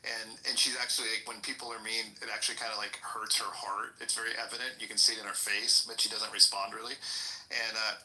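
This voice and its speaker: Man telling a story with gusto, bright voice. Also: on the low side, quick pace, rough recording. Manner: animated storytelling, frequent swearing and laughter. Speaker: host. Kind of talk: casual chat.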